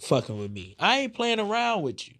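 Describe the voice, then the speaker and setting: A man's voice: sits high, a little fast. Heated, rambling man sounding off. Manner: animated, profane, heated, many fillers. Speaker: podcast host. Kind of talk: casual opinion commentary.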